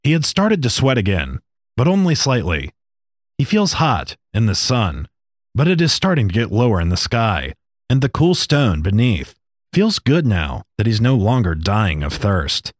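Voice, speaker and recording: A man narrating a story in a measured storytelling manner. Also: on the low side, sing-song, dry recording, clean studio sound. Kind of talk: audiobook narration.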